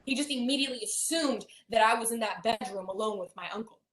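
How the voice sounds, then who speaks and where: A woman telling a painful personal story in a client intake session, often dropping to a soft near-whisper. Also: a little high, quick pace. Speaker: hypnosis client. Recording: roomy echo.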